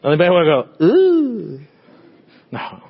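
A middle-aged man, a pastor, preaching a conversational sermon, swinging between loud bursts and hushed tender moments. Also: fairly high pitch, moderate pace, dull audio.

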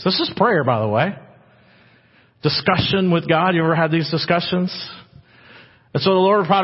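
Husky-voiced preacher in a reverberant hall. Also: male voice, a little high, brisk. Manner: preaching, dramatic, voices God's words in quoted lines. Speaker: pastor. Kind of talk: sermon. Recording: muffled with long hall reverb.

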